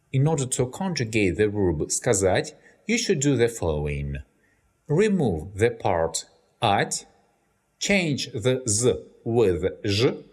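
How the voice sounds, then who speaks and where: A male language teacher with a Russian accent explains grammar rules in a measured, deliberate way. He talks slowly and lets his pitch move up and down a lot. It sounds like a scripted lesson delivered with care. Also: a little mellow.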